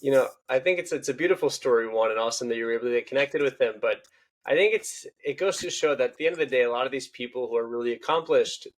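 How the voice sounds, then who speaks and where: A man hosting a podcast, chatting casually and encouragingly with his guest. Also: mid-range voice. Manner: quick, encouraging, full of "you know". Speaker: podcast host. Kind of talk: casual interview chat.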